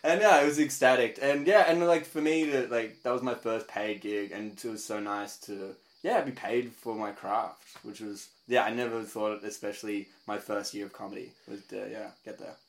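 A young man, a comedian talking as a podcast guest, telling a story in a rambling, animated way. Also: fairly low pitch, normal speed, few pauses. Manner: rambling, animated storytelling with laughs and voiced asides. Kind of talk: casual interview chat.

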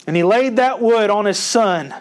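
A man's voice: high voice, moderate pace. A male pastor preaching a sermon, folksy and storytelling, rising in emphasis when he quotes scripture.

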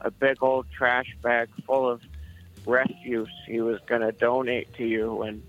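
A man voicing a young boy caller scared for his father, talking in a slow, halting, tearful way. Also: mid-range voice, flat delivery, narrow, tinny audio, lightly acted. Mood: earnest.

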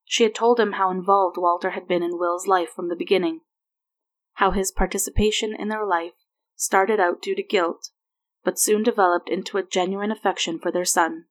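A woman reads a romance story aloud, steady and plain, at an ordinary middle pitch. It sounds like a home reading of fan fiction. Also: normal speed, rough recording. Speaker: reader.

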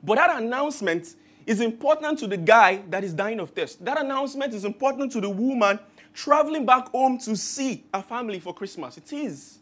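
Pastor, thirties, high-pitched male voice, storytelling sermon. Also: lively intonation, brisk, a bit bright. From Nigeria. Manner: storytelling, acts out quoted voices with rising emphasis.

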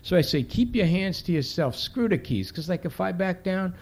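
A man's voice: high-pitched, lively intonation, moderate pace, a little mellow, voice pushed up. A man reading aloud in the voice of a brash, defensive city cop telling a story in street slang. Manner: tough street slang, profane, rambling.

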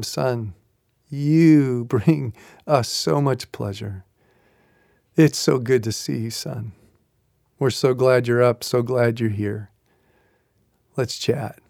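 A man voicing a gentle, fatherly God who speaks softly and tenderly, welcoming the listener by name. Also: medium pitch, fairly even intonation, gravelly, no echo, studio quality. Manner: hushed, slow, intimate and tender.

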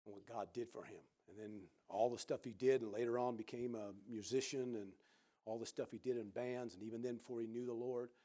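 A middle-aged man, preaching and telling a lively personal story, acting out other people's voices. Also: medium pitch, fairly quick. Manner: animated storyteller who acts out quoted voices loudly. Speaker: pastor. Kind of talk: sermon storytelling.

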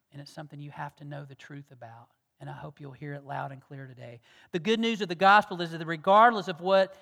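A man preaching a sermon as pastor, earnest and pleading, moving from loud exhortation to hushed tones. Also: sits high, vocal fry. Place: church sanctuary. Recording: long reverb of a church hall.

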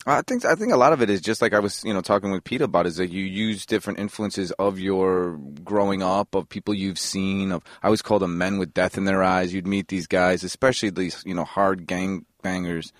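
A man with a Chicago accent, a guest actor on a casual podcast interview, talking in an animated way with many restarts and some swearing. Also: low voice, a little fast, hardly any pauses, no echo, clean studio sound. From Chicago, United States.

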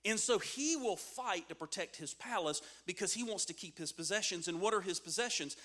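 A man's voice: high voice, lively intonation, fairly quick, hardly any pauses, bright, forceful tone. A man preaching a sermon as a pastor, reading scripture and building in intensity with call-and-response.

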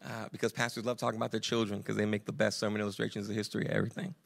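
A young adult man preaching a sermon as pastor, animated and casual, with slang. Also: lowish voice, very fast, gravelly.

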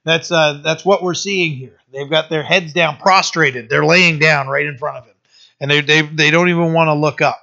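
Bright-voiced male pastor teaching casually. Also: on the high side, fairly even intonation, gravelly, highs cut off. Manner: conversational, many fillers and restarts, reads scripture aloud slowly. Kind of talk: sermon, informal Bible teaching.

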